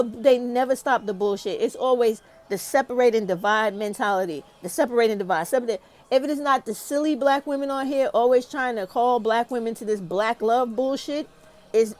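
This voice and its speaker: Woman, YouTube commentator, fired-up and cursing, slightly high voice. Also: darkish tone. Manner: profane, ranting and emphatic. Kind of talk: heated opinion monologue.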